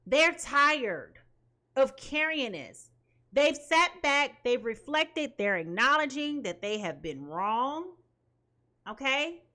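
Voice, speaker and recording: A woman's voice: sits high, big pitch swings, takes it slowly, pushed and bright. A woman reading tarot for her viewers in an emphatic way, often checking in with "okay?". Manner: emphatic, keeps asking "okay?". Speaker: tarot reader.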